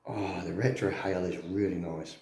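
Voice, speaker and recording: A man's voice: deep voice, steady tone, moderate pace, a little mellow, slight background noise. Chatty man in an echoey room. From England. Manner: chatty, explains step by step. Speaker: cigar vlogger. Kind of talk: casual chat and demonstration. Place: indoors at home.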